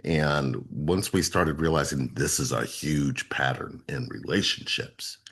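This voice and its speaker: Very deep-voiced earnest man. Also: measured pace, vocal fry, a bit bright, slightly rough. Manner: earnest, repeats words for emphasis. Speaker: relationship coach, co-host. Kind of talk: casual explanatory talk.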